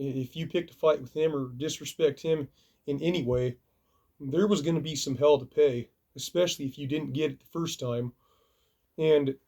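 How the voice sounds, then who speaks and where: Brief: male vlogger telling a story, lively and casual, acting out the fight with sound effects. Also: fairly high pitch. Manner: animated, acts out punches with sound effects. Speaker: video reviewer.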